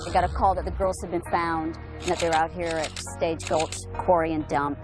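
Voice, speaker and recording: A woman newspaper reporter recalling a story in a steady, careful interview manner. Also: low voice, brisk, music in the background. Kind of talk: interview recollection.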